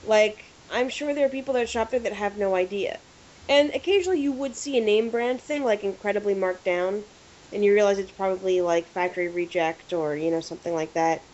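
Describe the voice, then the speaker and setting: A woman co-hosting a podcast in casual chat, an animated storyteller who acts out what people said. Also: mid-range voice, brisk. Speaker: podcast co-host. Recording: lo-fi with faint hiss.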